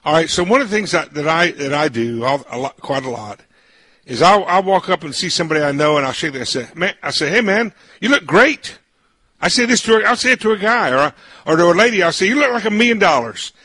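A man's voice: a little high, animated, fast talker, bright, forceful tone, no echo. A man hosting a radio interview in a folksy way, often repeating words as he searches for what to say. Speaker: radio host.

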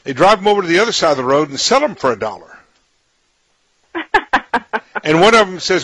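A man's voice: a little high, sing-song, fairly quick, long pauses, a bit bright, no room sound, rough recording. A man hosting a radio talk show, chatting casually with a guest and often repeating words as he searches for phrasing.

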